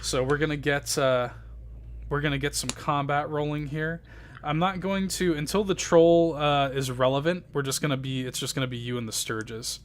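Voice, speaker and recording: A man's voice: on the high side, steady tone, moderate pace, a little hiss or hum. Rambling man narrating a tabletop game. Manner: loose, rambling, full of fillers and swearing. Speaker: game master.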